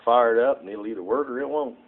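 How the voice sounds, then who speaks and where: A man's voice: mid-range voice, fast. A man talks casually and folksily while fixing a lantern, calling his viewers "folks" and rambling with plenty of "uh"s, recorded on a phone indoors at home. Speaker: home repair vlogger. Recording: tinny phone recording with faint noise.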